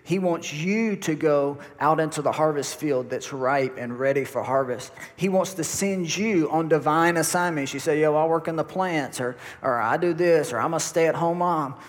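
A man preaches in a folksy, repetitive way, calling out to his congregation. His voice sits a bit high for a man. The sound carries a long reverb from a large church hall. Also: moderate pace, few pauses. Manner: folksy, repeats words, talks to congregation. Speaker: pastor. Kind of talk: sermon.

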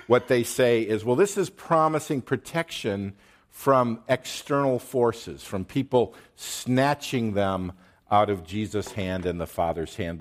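A man preaching a teaching sermon, stressing words and pausing to check in with his listeners. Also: lowish voice. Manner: emphatic, pauses to drive points, checks in with "okay?". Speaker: pastor.

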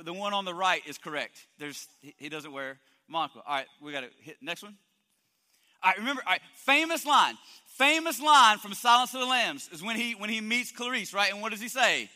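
A male pastor preaching a lively sermon, joking and quizzing his congregation in a church hall. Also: high-pitched. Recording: long hall reverb.

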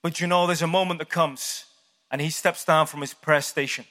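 Bright-voiced male preacher in a reverberant hall. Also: on the high side, moderate pace. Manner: animated storytelling, asks the crowd questions. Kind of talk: sermon.

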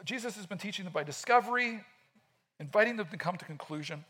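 Man, pastor, sermon, bright tense voice, conversational preaching. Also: high-pitched, fast. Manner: animated, conversational preaching with restarts and acted quotes.

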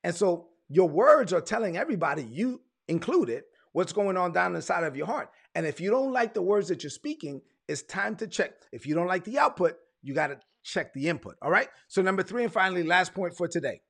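A man preaches with emphatic repetition, leaning on key words by slowing right down. His voice sits high and husky, with a gravelly fry running through it. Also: big pitch swings, a bit bright. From Brooklyn, United States. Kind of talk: sermon.

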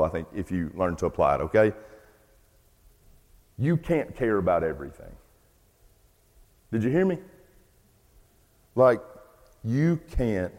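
A man's voice: fairly low pitch, darkish tone. Emphatic preaching man in a reverberant hall. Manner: emphatic, conversational preaching with repeated phrases. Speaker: pastor. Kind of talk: sermon. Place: church sanctuary.

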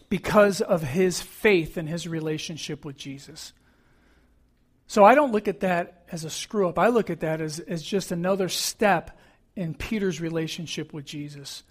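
Male pastor, conversational sermon delivery, relaxed storyteller, high-pitched. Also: measured pace.

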